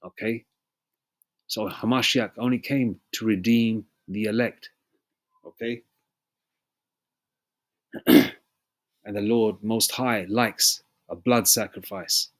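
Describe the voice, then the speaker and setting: A man preaching an informal sermon, reading verses slowly and pausing to ask "you know?" and "okay?" again and again, with throat clearing between passages. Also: fairly low pitch, fairly even intonation. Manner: emphatic, repeats "you know?" and "okay?" often.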